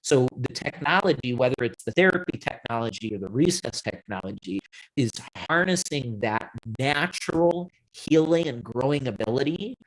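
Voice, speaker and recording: A man speaking as a guest on an online panel, his voice sitting in an ordinary middle register. He explains things in a measured, step-by-step way. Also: medium pitch, lively intonation, poor audio. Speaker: guest, app co-founder. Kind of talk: panel discussion.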